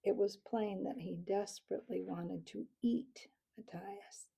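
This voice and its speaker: A woman reads a storybook aloud at an unhurried, measured pace. Her voice is dark and mellow, with a husky, gravelly texture running beneath the narration. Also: medium pitch. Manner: measured, steady reading. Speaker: audiobook reader.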